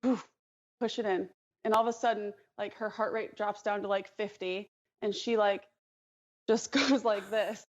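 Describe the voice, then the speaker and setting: A woman who is an emergency nurse, a guest in a casual interview, telling an animated story and acting out the dialogue. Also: mid-range voice, normal speed.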